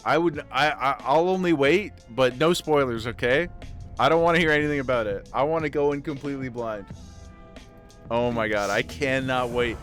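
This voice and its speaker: A man streaming casually, chatting loosely and getting excited, swearing freely and repeating himself. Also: medium pitch. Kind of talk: casual livestream chat.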